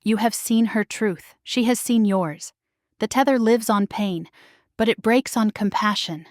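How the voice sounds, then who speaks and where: A woman voicing an ancient, sorrowful female guide who speaks softly and solemnly. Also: medium pitch, no echo, studio quality, lightly acted. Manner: soft, solemn and slow.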